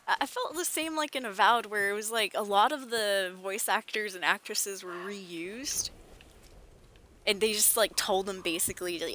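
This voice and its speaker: A woman's voice: mid-range voice, normal speed, bright, forceful tone, a little hiss or hum. A woman streaming a game, chatting casually with jokes and sarcastic asides. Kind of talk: casual gameplay chat.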